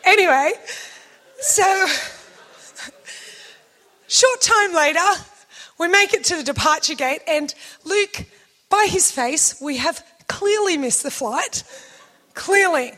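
Animated high bright woman preaching. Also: slow pace, pauses often. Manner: animated, acts out quotes, laughs often. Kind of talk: sermon storytelling.

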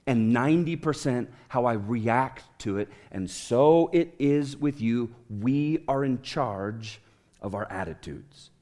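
A man's voice: a little high, a little mellow. A man preaching a sermon as a pastor in a church, telling stories and asking the congregation for a show of hands.

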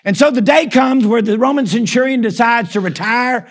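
A man preaching a sermon, emphatic, calling out "Amen?" and swinging from shouts to low, soft asides. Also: a little fast, creaky, hardly any pauses. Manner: emphatic preaching, repeated call-and-response "Amen?"; acts out quoted voices in anecdotes. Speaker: pastor.

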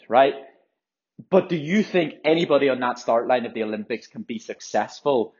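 A man's voice: mid-range voice, breathy edge. A young man hosting a solo podcast, worked up and rambling with frequent swearing and restarts. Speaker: podcast host, runner. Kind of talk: casual solo podcast monologue. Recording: dull lo-fi audio.

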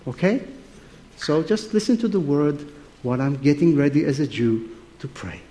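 A man preaching a sermon in an animated, playful storytelling manner. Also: a little high, moderate pace.

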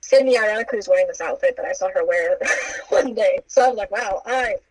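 A woman's voice: medium pitch, fast, no room sound, poor audio. A young woman casually recounting a story, acting out the quoted lines with playful asides. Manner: animated, acts out quotes with playful asides and laughs.

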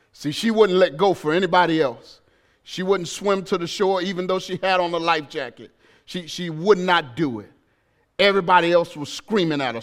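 A male pastor delivers his sermon in a strikingly high voice with a bright, sharp edge. He tells a story at an easy pace, then swells into loud, emphatic preaching. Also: normal speed, clear, resonant tone. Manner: storytelling that builds to shouted preaching.

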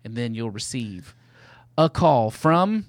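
A man's voice: medium pitch, very animated, slow, dry recording. A man hosting a casual podcast, upbeat and playful, laughing often as he explains a game. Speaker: podcast host.

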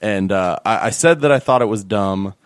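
A man's voice: on the low side, normal speed, smooth, no echo. A man co-hosting a sports podcast in casual chat, with dry, self-mocking humor. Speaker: podcast co-host.

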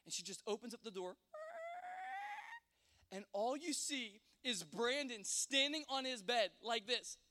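This very high-voiced man spins an animated, comic tale about himself for an audience, taking his time and pausing often. His telling rambles, with stumbling restarts and plenty of fillers, and every line lingers in the long echo of a big hall.

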